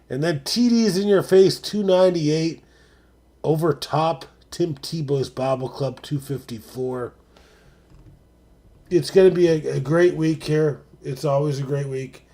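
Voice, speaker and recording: Hosting a live stream, a man with a fairly high voice talks casually and profanely, dropping to mutters before rising to excited shouts.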